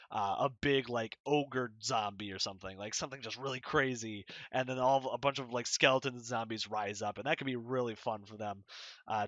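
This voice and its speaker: A young man in a dungeon master role gives casual advice, rambling and filling gaps with loose asides. His voice is bright and forward, with a middle pitch. The recording is dry, with little room sound. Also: no echo. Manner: rambling, loose, full of fillers.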